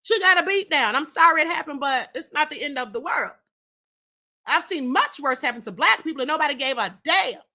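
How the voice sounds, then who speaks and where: A woman's voice: high-pitched, expressive, a little fast, pushed and bright. A woman hosting a live-stream commentary show, talking bluntly and emphatically, repeating her points and speaking straight to her chat. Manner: addresses the chat directly. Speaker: livestream show host.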